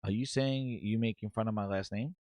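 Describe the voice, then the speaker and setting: A man putting on a whiny low-muttering executive. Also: measured pace, fairly bright tone, dry recording, clean studio sound. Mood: whining. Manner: low, muttering, self-pitying. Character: whiny male executive playing the victim.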